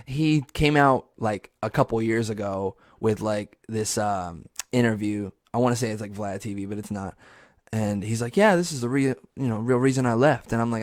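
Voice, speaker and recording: A young man hosting his own podcast, telling a funny story solo in a loose, profane way, now and then jumping into high yelps. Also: moderate pace, no room sound, clean studio sound. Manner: animated, swears a lot, jumps into high squeaky yells for emphasis. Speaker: podcast host.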